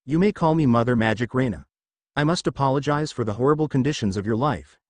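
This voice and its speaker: A man voicing a gentle, motherly female magic spirit in an audio fanfiction reading, speaking mournfully and tenderly. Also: mid-range voice, fast talker, no room sound, lightly acted. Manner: gentle, mournful, calls her "my child".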